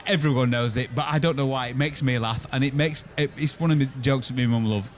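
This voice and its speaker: A man's voice: medium pitch, steady tone, fast, a little hiss or hum. A man co-hosting a podcast, telling jokes in casual chat with a giggly, self-mocking manner. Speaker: podcast co-host.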